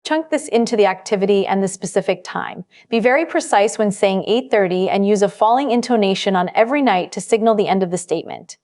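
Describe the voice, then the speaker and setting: A woman gives a scripted English test-prep lesson. Her voice is mid-pitched and even. She speaks in a clear, measured, instructive way.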